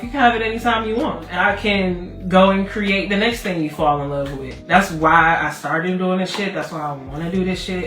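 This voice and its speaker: A woman in her thirties hosting a baking livestream in casual chat, swearing freely and breaking into loud comic rants. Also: low voice, roomy sound, recorded from a distance. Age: 30s. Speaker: baking show host.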